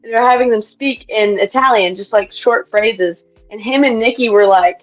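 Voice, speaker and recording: Excitable young woman on dull audio. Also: fairly high pitch, normal speed, soft background music. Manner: excitable, uses filler words and restarts. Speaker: co-host, racer. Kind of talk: casual chat.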